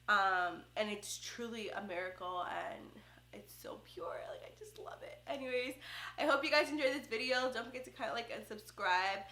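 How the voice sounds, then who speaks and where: A woman's voice: a little high, bright, forceful tone. A young woman vlogging to the camera about her first pregnancy in a chatty, heartfelt way, with lots of fillers. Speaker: vlogger, first-time mom. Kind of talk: casual chat to camera. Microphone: camera close up. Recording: roomy echo.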